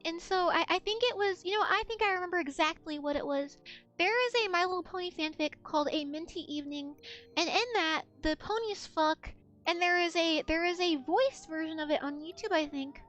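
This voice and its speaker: A young woman with a very high, girlish voice chats on her stream and tells a crude, animated story. She acts out the people she quotes and bursts into louder exclamations. Faint music plays behind her. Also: brisk, lo-fi sound. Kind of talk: casual stream chat, storytelling.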